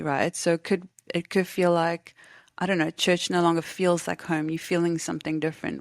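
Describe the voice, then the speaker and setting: A woman's voice: fairly low pitch, no echo, studio quality. A woman co-hosting a podcast in a casual conversation, supportive and engaged, often finishing her partner's thoughts. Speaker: podcast co-host.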